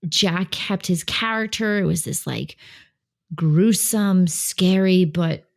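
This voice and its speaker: A woman's voice: on the low side, slow pace, vocal fry. A woman co-hosting a podcast, chatting about films with playful, bossy teasing and plenty of enthusiasm. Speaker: podcast co-host. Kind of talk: casual film chat.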